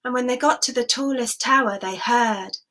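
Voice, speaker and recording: A woman's voice: fairly high pitch, moderate pace, bright, forceful tone. A woman storyteller telling a sensory story expressively, dropping into whispers and inviting listeners to join in.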